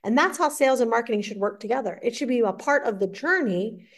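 A woman's voice: fairly high pitch, fast. A woman guest on a business interview, telling a story with energy and acting out the lines of her client. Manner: energetic, acts out client dialogue. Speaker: guest entrepreneur.

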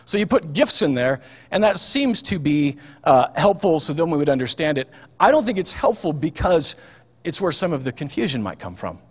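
Male pastor, casual folksy preaching, slightly high pitch, recorded in a reverberant church hall. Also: big pitch swings, moderate pace, husky. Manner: folksy, chatty preaching with frequent ums and restarts. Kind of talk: sermon.

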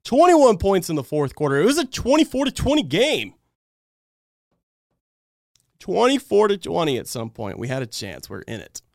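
Fan stream host, male, slightly high pitched, heated and fed-up, dry room. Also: huge pitch swings, moderate pace, vocal fry, pauses often, darkish tone, dry recording. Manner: heated, exasperated ranting. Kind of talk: livestreamed fan game breakdown.

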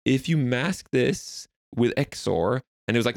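A man's voice: medium pitch, animated, a little fast, gravelly, few pauses, dry recording, clean studio sound. A young Swedish man telling stories in a casual interview, rambling with lots of fillers. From Sweden. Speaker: guest.

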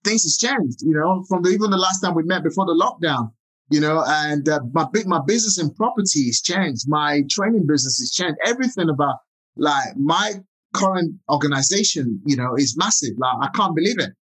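A man's voice: on the high side, lively intonation, a little fast, a bit bright, breathy edge, poor audio. A man with a Nigerian accent interviewing a guest, effusive and grateful, talking in long run-on sentences full of fillers. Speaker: interviewer, business owner. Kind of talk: casual interview.

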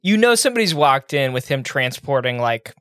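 A woman's voice: rumbling low, big pitch swings, fairly quick, a bit bright, no echo, clean studio sound. A young woman co-hosting a casual chat, joking and giggling through the banter. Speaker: podcast co-host.

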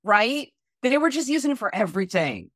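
A woman co-hosting a movie podcast, dropping quick, wry asides. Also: fairly high pitch, big pitch swings, a bit bright, dry recording, studio quality. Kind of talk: casual movie podcast chat.

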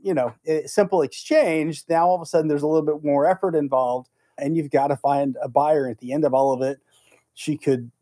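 A middle-aged man co-hosting a podcast, telling a story in a casual, animated way and acting out the lines he quotes. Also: fairly high pitch, fairly quick, dry recording. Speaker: podcast co-host; negotiation instructor.

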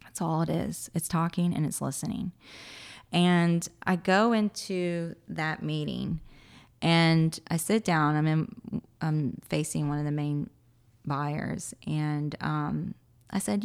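A woman in her thirties, a podcast guest, telling a personal story with animated voices for her past self and frequent laughter. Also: sits low, takes it slowly, gravelly, clean tone. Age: 30s. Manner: animated, acts out her own past words, laughs often. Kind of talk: emotional personal storytelling in an interview.

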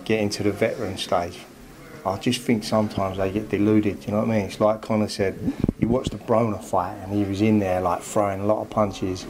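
Un entraîneur de boxe qui commente le combat en interview, en digressions hésitantes ponctuées de « vous voyez ». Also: male voice, on the low side, level tone, a little fast, noisy background. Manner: rambling, many fillers. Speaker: boxing trainer. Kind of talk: post-fight analysis.

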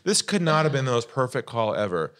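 A man telling a sales story as a podcast guest, dramatic and lively, acting out the voices of the people in it. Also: mid-range voice, fast, clear, resonant tone. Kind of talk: animated storytelling.

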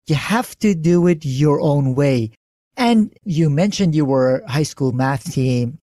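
A man's voice: a little high, animated, takes it slowly, mellow, dry recording, studio quality. A man hosting an interview podcast, welcoming and praising his guest with enthusiasm. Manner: enthusiastic, complimentary. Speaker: podcast host.

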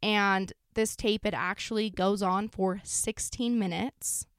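A woman with a smooth, clear voice narrates a true crime story in a loose, chatty way, full of fillers. She sounds close and dry, with no room around her. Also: mid-range voice, steady tone, slow pace, dry recording. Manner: casual, sombre retelling with frequent fillers. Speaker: podcast host.

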